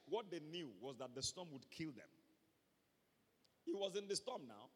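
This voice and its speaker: A high-pitched, husky Nigerian man preaching as a pastor, hammering home key phrases and calling for amens. His voice rings with the long reverb of a large church hall. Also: sing-song, normal speed. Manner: emphatic, repeats key phrases, calls for amens. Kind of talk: sermon.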